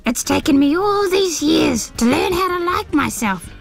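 A woman's voice: high voice, animated, unhurried, vocal fry, faint music behind, voice pushed up, heavily acted. A woman voicing a vain male weka bird who wails and whimpers in a storybook reading. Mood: sheepish. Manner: wailing, tearful, drawn out.

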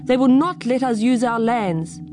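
A woman's voice: a little high, normal speed, background noise, natural voice. A woman voicing an angry, defiant Māori man, the narrator's uncle, in a raised, insistent voice. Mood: angry, pleading. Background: music.

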